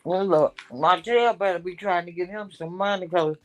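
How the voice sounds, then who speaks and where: A woman hosting a casual chat, blunt and animated as she gossips. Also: on the low side, moderate pace, dry recording. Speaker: show host.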